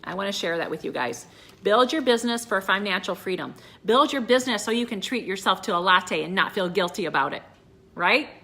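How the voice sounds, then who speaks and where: Earnest, bright-voiced woman giving a pep talk. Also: medium pitch, lively intonation, fairly quick. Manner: earnest, repeats phrases, addresses viewers as you guys. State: teary-eyed. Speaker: direct sales consultant. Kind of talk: motivational talk to her sales team.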